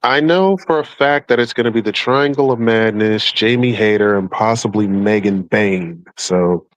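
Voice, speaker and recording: Man, podcast co-host, low voice, dry close sound, relaxed profane chat. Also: moderate pace, no room sound, lo-fi sound. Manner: laid-back, profane, informative. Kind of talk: casual chat.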